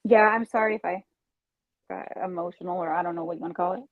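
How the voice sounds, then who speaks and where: A woman's voice: lowish voice, fast, no echo. A woman calling in as a guest on a livestream, apologetic and trailing off, heard over a tinny, phone-like line. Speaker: call-in guest. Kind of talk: casual chat.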